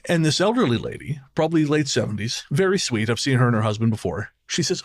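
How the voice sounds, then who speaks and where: A man's voice: medium pitch, lively intonation, quick pace, hardly any pauses. A man from Canada co-hosting a podcast, chatting casually, telling stories with laughs and the odd swear. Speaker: podcast co-host. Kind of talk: casual chat.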